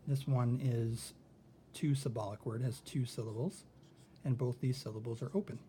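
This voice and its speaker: A man teaching a recorded lesson, thinking out loud as he works through examples and often checking in with "okay?". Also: mid-range voice, fairly even intonation, moderate pace, slight background noise.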